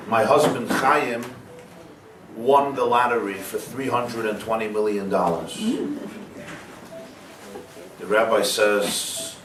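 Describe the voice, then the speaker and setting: A man's voice: fairly low pitch, fairly even intonation, slow pace, long pauses. A man giving a sermon as a rabbi, telling a joke and acting out its characters in a storytelling manner. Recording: echoey hall, speaker far from mic, noisy.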